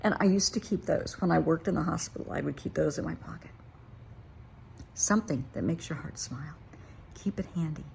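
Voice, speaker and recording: A woman's voice: low voice, fairly quick, creaky, darkish tone, a little hiss or hum. An older woman, a therapist, giving an earnest, plain-spoken motivational talk to her viewers.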